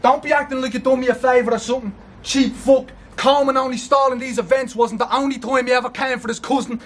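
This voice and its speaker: A man with a Dublin accent performing rap battle verses at an outdoor event, brash and cocky, shouting his punchlines. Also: very high-pitched, steady tone, quick pace. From Ireland. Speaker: battle rapper.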